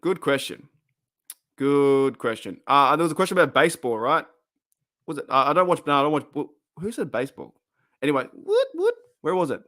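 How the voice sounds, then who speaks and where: A man's voice: on the high side, sing-song, fast talker, pushed and bright. Rambling Australian guy on a live stream. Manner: rambling, repeats himself, laughs often. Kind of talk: casual live-stream chat.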